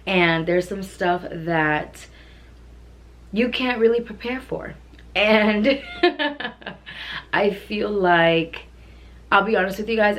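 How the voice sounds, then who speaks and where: A woman vlogger chatting casually and gushingly, her speech full of "like" and "literally". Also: lowish voice. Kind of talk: casual vlog chat.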